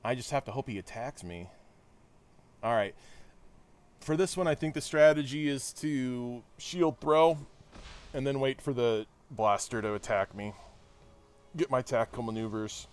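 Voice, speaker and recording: A man's voice: medium pitch, a little slow, pauses often, smooth. Give me a chatty man talking to viewers while he streams a game. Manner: chatty, self-deprecating, talks to chat. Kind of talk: casual live-stream chat while gaming.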